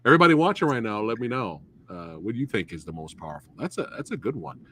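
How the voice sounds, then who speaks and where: An excitable man hosts a casual movie review chat, full of slang like dude and bro. His voice swings widely in pitch and sounds bright and forceful. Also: quick pace, slightly rough. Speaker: host. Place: live stream, reading chat.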